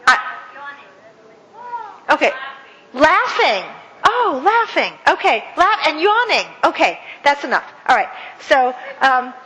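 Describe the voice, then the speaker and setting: A woman speaker leading an audience through a counting and clapping exercise, with many fillers and warm praise. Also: sits high, a little hiss or hum. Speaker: guest speaker. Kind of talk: interactive workshop talk. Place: event hall with audience. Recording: echoey hall with faint ambience.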